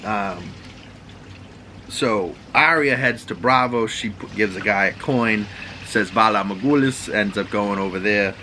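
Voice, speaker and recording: A man with a Boston accent rambles through a casual, profane recap like a podcast host. His voice sits on the low side but has a bright, forceful edge. A faint background hiss runs under him. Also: a little slow, rough recording. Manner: loose, profane, rambling storyteller. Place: home room with water running next door.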